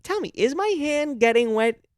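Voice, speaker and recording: A man's voice: very high voice, lively intonation, normal speed, no echo, clean studio sound, pitched above the performer's own voice. A man voicing a haughty, controlling woman restaurant manager while telling a story on a podcast. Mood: bossy. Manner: bitchy, controlling tone. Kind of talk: acted quote in a storytelling podcast.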